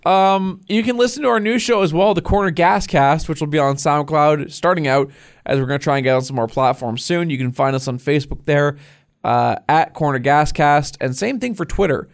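A man's voice: on the high side, fairly quick, vocal fry. A young man co-hosting a podcast in casual, rambling chat, laughing often. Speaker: podcast co-host.

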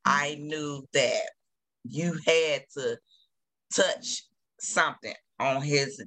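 A middle-aged man, a grieving father, speaking haltingly with many restarts in an emotional conversation. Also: fairly high pitch, no echo. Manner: halting, with many restarts and soft trailing words.

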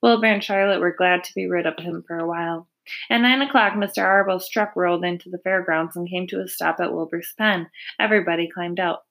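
Woman narrator, gentle steady read-aloud of a kids' story. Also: lowish voice, brisk. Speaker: reader. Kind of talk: reading a children's novel aloud.

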